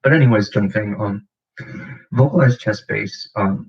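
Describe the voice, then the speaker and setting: Gravelly low-voiced man explaining. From United States. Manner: explains techniques with many fillers and pauses. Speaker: beatbox channel host. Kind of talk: livestream vocal tutorial. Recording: dull lo-fi stream audio.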